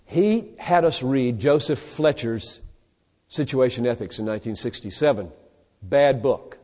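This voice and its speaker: A man's voice: mid-range voice, big-room sound. A man preaching a sermon with emphatic delivery, listing scripture verses one after another. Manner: emphatic, animated, cites scripture in rapid lists.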